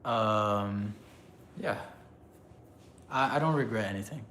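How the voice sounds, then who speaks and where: A man's voice: lowish voice, fairly bright tone, a little hiss or hum. A man casually chatting on a live stream, reading chat aloud, loose and joking, laughing often. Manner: halting when he switches languages.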